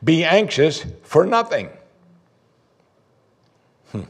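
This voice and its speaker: A man preaching a sermon as pastor, conversational, voicing his listeners' doubts in a higher voice. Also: big pitch swings, drawn-out words, husky. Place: church sanctuary.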